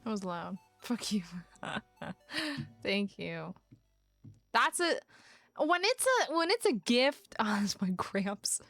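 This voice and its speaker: Young woman, streamer, casual chat, animated, laughing, slightly high voice, faint music behind. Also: slow pace, pauses often, no echo. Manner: animated storytelling, frequent laughter and swearing. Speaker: livestreamer.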